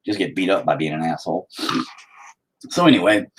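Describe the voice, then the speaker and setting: A man's voice: deep voice, lively intonation, brisk, pauses often, breathy edge. A young man hosting a painting stream, rambling and joking crudely while he paints and reads chat aloud. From United States. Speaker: painting livestream host.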